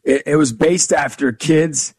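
A man's voice: on the high side, unhurried, a little mellow, husky, no room sound, clean studio sound. A man guesting on an interview show, a youth motivational speaker who tells stories energetically and acts out the dialogue. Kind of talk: animated storytelling interview.

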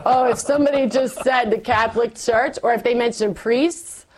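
A middle-aged woman telling her faith story in a candid, animated conversation, acting out her past self as she goes. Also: fairly high pitch, normal speed.

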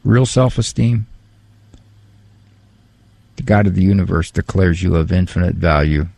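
A male psychologist giving a talk on parenting and faith, animated and joking in a conversational way. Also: low voice, unhurried, vocal fry, dry recording.

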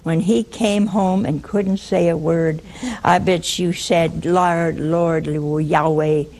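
A woman preaching to a live audience in a humorous, teasing, conversational way. She speaks slowly, and her voice is gravelly and somewhat husky. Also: lowish voice, fairly even intonation, a little mellow.

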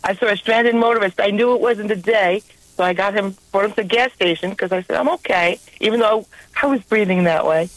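A woman's voice: mid-range voice, brisk, no room sound. A woman with a strong New York accent tells her story over a phone line, earnest and heartfelt. The sound is dry and close, with no room around it. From New York area. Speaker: caller. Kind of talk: call-in testimony.

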